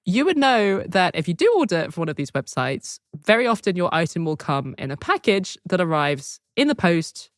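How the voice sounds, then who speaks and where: A woman co-hosting a news podcast, talking in a lively, expressive way and laughing often. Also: fairly low pitch, normal speed, few pauses, no echo, studio quality. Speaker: podcast co-host. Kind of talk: casual news chat.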